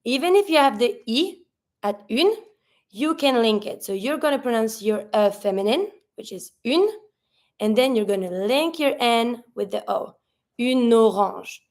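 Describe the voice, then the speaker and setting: A woman with a fairly high voice gives an online language lesson. She walks through each word patiently and step by step, in a clear teaching manner. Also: lively intonation, normal speed. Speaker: French teacher.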